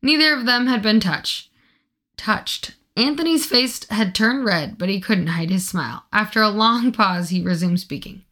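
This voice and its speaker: A woman's voice: medium pitch, normal speed, a bit bright. A woman reading a story aloud with playful, casual asides. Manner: playful, laughing at the text. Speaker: story reader.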